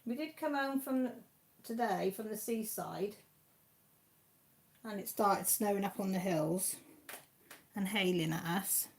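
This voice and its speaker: A woman's voice: medium pitch, slow pace, pauses often. A Welsh woman hosting a live stream from home, chatting casually and reading out viewers' comments in a homely, slangy way with the odd mild swear. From Wales.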